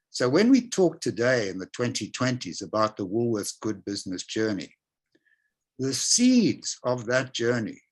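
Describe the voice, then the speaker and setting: This is an older man from South Africa sharing a long anecdote as an interview guest. His voice is a little husky and breathy at mid pitch. He talks reflectively, doubling back on words as he builds the story. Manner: anecdotal, reflective, frequent restarts. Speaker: interview guest, retail executive.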